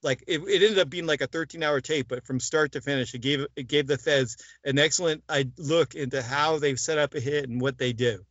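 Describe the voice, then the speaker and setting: A man's voice: on the high side, a little fast, hardly any pauses, fairly bright tone, dry recording. A man being interviewed, animatedly recounting events and acting out the dialogue with frequent "like" and "I go". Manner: retells scenes with quoted dialogue, many "like" and "I go" fillers. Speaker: interview guest. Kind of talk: animated storytelling in conversation. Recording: dull lo-fi dry sound.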